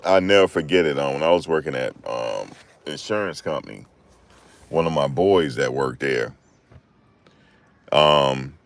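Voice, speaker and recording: A man's voice: rumbling low, measured pace, pauses often, dry recording. A man hosting his channel, telling casual stories full of slang and acted-out quotes. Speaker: channel host. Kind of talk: casual storytelling commentary. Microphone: desk microphone.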